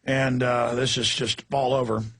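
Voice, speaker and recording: A man hosting a talk radio show, ranting with impassioned intensity, swinging between yelling and hushed urgency. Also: mid-range voice, flat delivery, unhurried.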